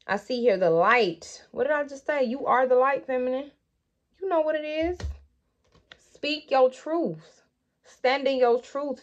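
A woman giving a spiritual tarot reading, speaking emphatically and straight to her viewers, stretching out key words between quicker asides. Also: fairly low pitch, darkish tone, lo-fi sound, slight background noise. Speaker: tarot reader.

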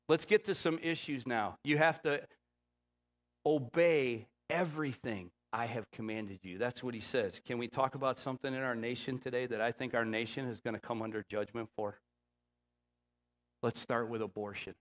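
A middle-aged man preaching a sermon as pastor, rising to loud emphatic peaks and dropping low and quiet for quoted lines. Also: moderate pace. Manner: drops to a low, quiet voice when quoting the Spirit.

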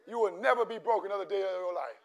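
A man preaching a sermon to a congregation, shouting and exhorting with call-and-response. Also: high-pitched, fast talker, dull audio, a little hiss or hum. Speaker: pastor. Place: church sanctuary. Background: congregation in a church.

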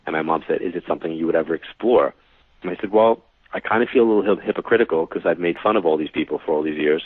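The voice sits low and moves fast, with a breathy edge: a forties-aged New York psychic medium sharing stories in a casual interview. He brings quoted conversations to life, heard on a dry, tinny, phone-style line.

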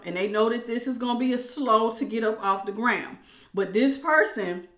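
Woman tarot reader, bright voice, animated and laughing, echoey room. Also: on the high side. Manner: animated, laughing, calls listeners honey. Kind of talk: casual tarot reading to camera.

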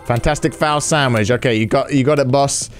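A man hosting a gaming video, giving excitable let's-play commentary, swearing and yelling in reaction. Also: mid-range voice, fairly quick, soft background music.

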